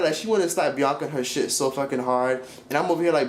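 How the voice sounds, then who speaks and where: A young man casually reviewing a reality show, blunt and profane, talking in an animated way. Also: fairly high pitch, fast, few pauses, echoey room, slight background noise. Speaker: YouTube commentator.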